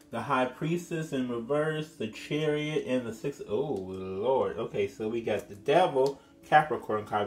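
Chatty man giving a tarot reading. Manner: chatty, exclaiming, sudden high squeals. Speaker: tarot reader. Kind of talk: casual tarot reading to viewers.

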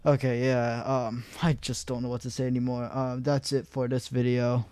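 A man's voice: medium pitch, fairly even intonation, measured pace, warm tone, no room sound. A young man giving a rambling, frustrated commentary over gameplay, full of fillers and restarts. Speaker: gaming video creator.

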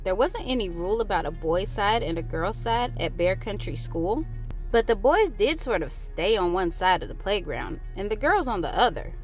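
A woman reading a children's picture book aloud, with expressive delivery and lively character voices. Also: medium pitch, moderate pace, soft background music. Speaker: storyteller.

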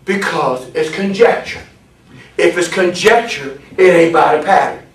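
A man teaching a class in an emphatic preaching style, building at times to near shouting. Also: fairly high pitch, unhurried. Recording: echoey classroom from far off.

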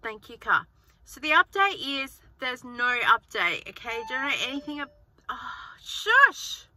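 Bright-voiced woman vlogging. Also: sits high, lively intonation, normal speed. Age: 40s. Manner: chatty, rambling, upbeat. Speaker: frugal-living vlogger. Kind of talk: casual chatty vlog. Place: inside a car. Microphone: handheld phone.

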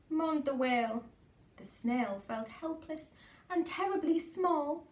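A woman's voice: high-pitched, slow pace, a little mellow, far from the mic. A woman reading a picture book aloud to small children in a sing-song way, with playful asides. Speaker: children's storyteller. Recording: echoey room, away from mic.

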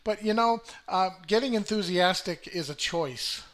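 An older man hosting a casual motivational video to camera, full of fillers and repeated words, swinging between peppy and deliberately flat. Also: high-pitched. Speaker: self-help video host.

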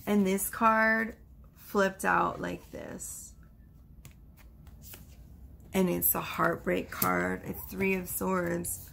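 A woman's voice: lowish voice, fairly even intonation, drawn-out words, vocal fry, pauses often, fairly bright tone, slight background noise. A woman giving a casual tarot card reading, chatty and reassuring, with frequent exclamations. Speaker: tarot reader.

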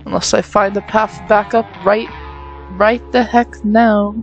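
A woman narrates her video game playthrough in a chatty, giggly way, often mocking herself. She talks at an unhurried pace. Faint game music plays behind her. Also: medium pitch, level tone, highs cut off. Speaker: gamer playing through a game. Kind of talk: let's-play commentary.

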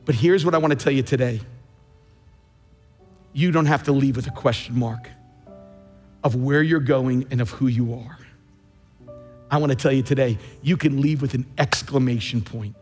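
A man's voice: mid-range voice, moderate pace, pauses often, a little mellow, long reverb tail, faint music behind. A man preaching a sermon as pastor, emphatic, repeating key phrases for weight. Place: large church.

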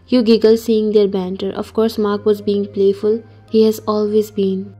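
A woman calmly narrating a fan fiction story aloud. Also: mid-range voice, moderate pace, hardly any pauses, soft background music.

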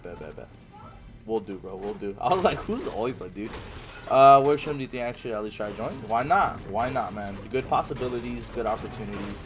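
A man's voice: mid-range voice, slight background noise. A male livestreamer casually reading viewer chat aloud and answering it while he plays, in a slangy way. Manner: reads viewer chat aloud and answers, slangy, says "bro" and "man" often.

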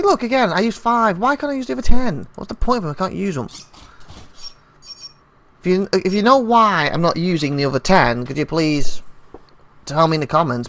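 Gravelly man thinking aloud while gaming. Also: fairly high pitch, sharp tone. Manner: thinks aloud, asks viewers questions. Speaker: let's play host. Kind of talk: casual gameplay commentary. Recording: noisy home recording.

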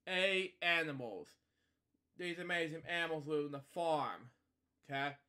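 A man's voice: a little high, unhurried, pushed and bright. A man casually reading a picture book aloud as a storytelling host, stumbling over words and wandering into rambling asides at home.

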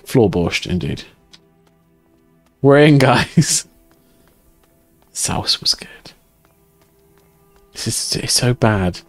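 A man's voice: mid-range voice, lively intonation, drawn-out words, pauses often, no echo, faint music behind. A man streaming a video game live, chatting and joking with viewers and swearing often. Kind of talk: casual live-stream chat while playing.

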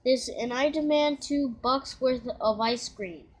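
A woman's voice: sits high, a little slow. A woman voicing a boy complaining about his ice cream in an insistent tone. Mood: indignant. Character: indignant boy fussing over ice cream.

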